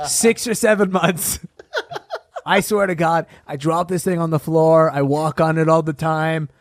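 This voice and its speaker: A man co-hosting a podcast, chatting casually in an animated, self-deprecating, joking way. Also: a little high, unhurried, no echo, studio quality. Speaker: podcast co-host. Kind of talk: casual chat.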